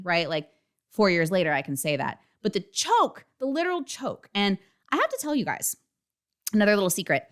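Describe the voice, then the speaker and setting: She's in her thirties and hosts a solo podcast, speaking a little fast in a medium-pitched, fairly bright voice with big pitch swings. Her talk is frank, emphatic and full of swearing.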